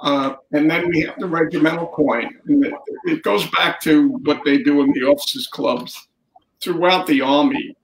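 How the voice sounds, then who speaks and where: A man guest on a video call, explaining traditions in a measured way. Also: on the high side, fairly even intonation, vocal fry. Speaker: guest, regiment officer. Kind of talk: storytelling interview. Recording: echoey room, faint noise.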